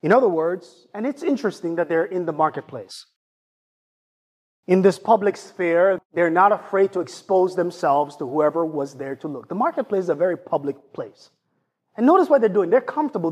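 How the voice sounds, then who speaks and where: A man preaching a sermon in an animated, conversational way, often turning to ask his congregation questions. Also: high-pitched, slightly rough.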